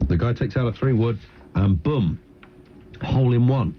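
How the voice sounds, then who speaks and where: A man's voice: mid-range voice, moderate pace, slight background noise. A man hosting late-night talk radio, telling a joke in a self-mocking way and laughing at his own material. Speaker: radio host. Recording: dull lo-fi radio broadcast.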